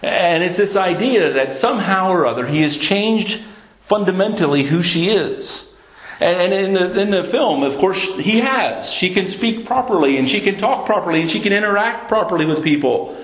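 A man's voice: sits high, expressive, moderate pace, reverberant, poor audio. A man preaching a sermon in an earnest tone, often stumbling and repeating words as he searches for the next one.

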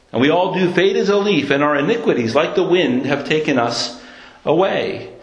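An earnest male preacher with a somewhat high voice delivers his sermon. He often stumbles and repeats words mid-thought. The room around him is roomy and echoing. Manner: earnest, repeats words when searching for them.

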